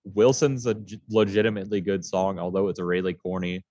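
Low-voiced man in blunt podcast chat. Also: level tone, fairly quick, mellow, dry recording, highs cut off. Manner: blunt, laughs often, swears casually. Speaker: podcast co-host. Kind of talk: casual music review chat.

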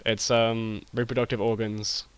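A young British man telling a rambling, deadpan comedy story with many restarts, as a podcast co-host. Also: lowish voice, moderate pace, clean tone, dry recording. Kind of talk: improvised comedy chat.

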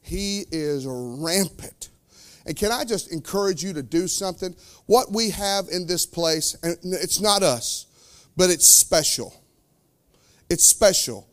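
A man preaching a sermon as pastor, with fervent delivery that swings between loud declarations and quiet, slowed asides. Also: sits high, expressive.

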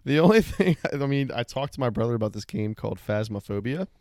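A man's voice: mid-range voice, expressive, fast talker, darkish tone, no room sound, studio quality. Laughing man co-hosting a podcast. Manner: easygoing listener who laughs a lot. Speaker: podcast co-host. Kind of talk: casual chat.

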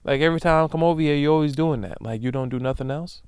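A man's voice: on the high side, quick pace, darkish tone, smooth, dry recording, studio quality, natural voice. A man mimicking a complaining girlfriend in a whiny, exasperated tone. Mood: annoyed. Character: nagging complaining girlfriend, young adult woman.

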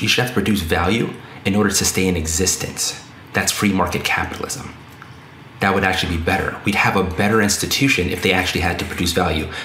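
A man's voice: sits low, fairly bright tone. A man hosting a podcast, reading news articles aloud and commenting on them in a conversational way. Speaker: podcast host. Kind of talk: casual commentary. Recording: echoey room, faint noise.

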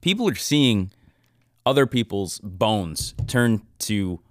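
A man's voice: on the low side, expressive, takes it slowly, dry recording, clean studio sound. A young man co-hosting a podcast in casual, crude, joking banter. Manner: crude, joking, mock-dramatic. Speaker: podcast co-host.

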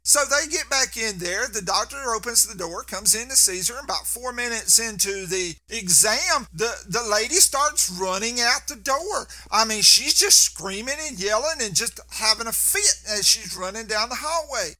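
A man's voice: sits high, lively intonation, normal speed, hardly any pauses, bright, forceful tone. A man preaching a sermon, telling folksy stories and often stumbling and restarting his words. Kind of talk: sermon with storytelling.

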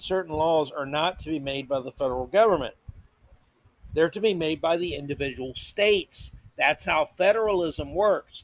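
A man's voice: a little high, dry recording, low-quality recording. A middle-aged man hosting a podcast, delivering a combative, sarcastic opinion monologue. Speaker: podcast host.

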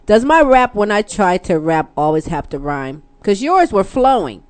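A woman's voice: medium pitch, very animated, normal speed, darkish tone. A woman from Texas, hosting a radio talk show in a playful, teasing way and laughing often.

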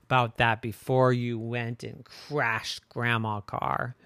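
A plain-spoken mechanic, as a man voices him, firm and matter-of-fact. His voice rises a little above the teller's usual, gravelly, in a dry, close room. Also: mid-range voice, level tone, slow pace, sharp tone, no room sound.

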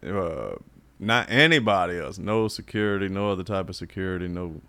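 A man's voice: sits low, animated, moderate pace, bright, forceful tone. A man co-hosting a podcast in casual, profane, laughing banter. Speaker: podcast co-host. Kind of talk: casual chat.

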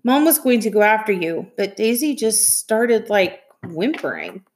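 A woman's voice: mid-range voice, lively intonation, a little slow, lightly acted. A woman reading aloud, voicing a tearful teenage girl who urges her little brother along. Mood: upset, tearful. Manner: pleading, tearful. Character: worried teenage girl, big sister.

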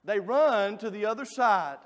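A man preaching a sermon, folksy and joking as he tells animated stories. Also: high voice, a little slow. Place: church. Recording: long reverb of a church hall.

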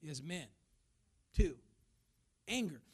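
A man's voice: on the high side, lively intonation, slow, slightly rough. A man preaching a sermon as pastor, emphatic, now and then acting out the voices of the people he talks about.

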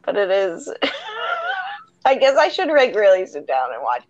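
A podcast co-host from the Philadelphia area, this woman has a mid-range voice and talks at a moderate pace. The audio sounds dull. Her casual chat is lively and packed with fillers, especially "like."

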